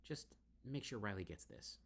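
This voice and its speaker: A man voicing a woman in a text game who speaks in a quick, hushed aside. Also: lowish voice, expressive. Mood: hurried confiding. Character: woman friend, hurried and confiding.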